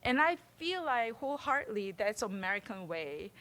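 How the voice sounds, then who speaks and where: A middle-aged woman from Korea with a Korean accent, giving a public artist talk in an animated, chatty way and laughing often. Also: fairly high pitch, moderate pace. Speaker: visiting artist.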